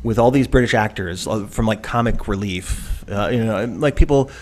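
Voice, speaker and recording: A man co-hosting a podcast, chatting in an animated, rambling way full of fillers and quick mimicked voices. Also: lowish voice, a little hiss or hum. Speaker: podcast co-host. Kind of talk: casual chat.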